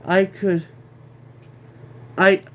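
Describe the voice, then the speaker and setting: A man's voice: high-pitched, flat delivery, drawn-out words, a little hiss or hum. A man hosting a casual wrestling review, ranting in an exasperated way, repeating himself and stumbling over restarts.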